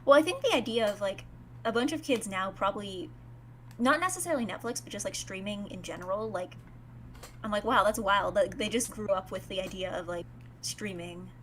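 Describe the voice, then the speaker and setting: A woman's voice: mid-range voice, lively intonation, a little fast, a bit bright, a little hiss or hum. A woman in her twenties hosting a game stream, chatting casually with plenty of filler words. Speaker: streamer host.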